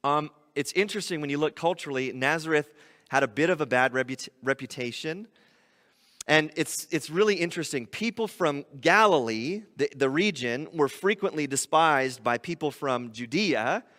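A man preaching a sermon, animated, often acting out quoted voices. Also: on the high side, normal speed, in a large hall. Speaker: pastor.

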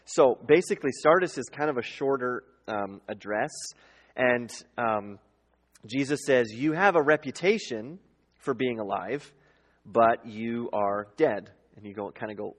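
Casual preacher in a reverberant hall. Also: male voice, medium pitch, unhurried. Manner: conversational, frequent "um" and "right?" tags. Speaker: pastor. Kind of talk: sermon teaching.

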